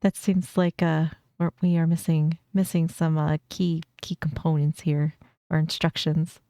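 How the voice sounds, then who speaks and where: Mellow, chatty woman reacting to a video. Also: sits low, level tone, a little slow, no room sound. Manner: chatty, giggly, repeats words. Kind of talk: casual reaction chat.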